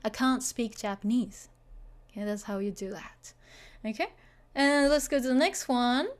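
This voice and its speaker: A woman's voice: fairly high pitch, normal speed. A woman teaching a beginner Japanese lesson, chatty and full of fillers, often checking that the learners follow.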